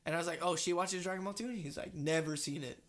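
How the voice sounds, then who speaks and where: A young man co-hosts a casual podcast, talking fast in a voice on the high side. He's an animated storyteller who leans heavily on "like" and swears freely.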